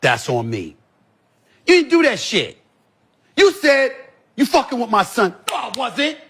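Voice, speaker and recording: A middle-aged male sports commentator in an impassioned on-air rant, hammering his points with repetition and loud bursts. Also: extremely high pitch, big pitch swings, moderate pace, slight background noise.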